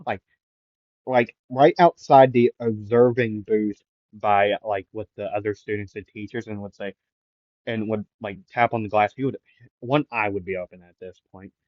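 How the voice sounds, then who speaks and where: A man's voice: on the low side, steady tone, normal speed, no echo. A man improvising a fan what-if story, rambling with many fillers and restarts, in a dull, lo-fi recording. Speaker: anime channel host.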